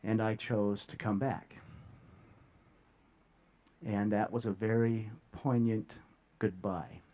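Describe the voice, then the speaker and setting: A man giving an emotional talk to a live audience, earnest and heartfelt, often halting with repeated words and long pauses. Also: fairly low pitch, steady tone, dull audio. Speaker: speaker sharing a near-death experience. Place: stage before a live audience.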